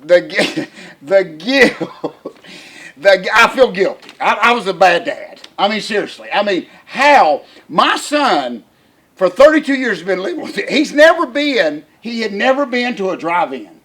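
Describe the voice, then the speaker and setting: An older man, telling a family story in casual podcast chat, animated and laughing often. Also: sits high, measured pace. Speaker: podcast co-host.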